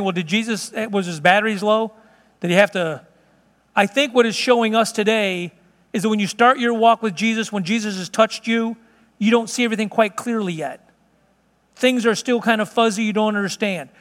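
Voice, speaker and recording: A man's voice: high voice, a bit bright, in a large hall. A man preaching a sermon as pastor, conversational and self-deprecating.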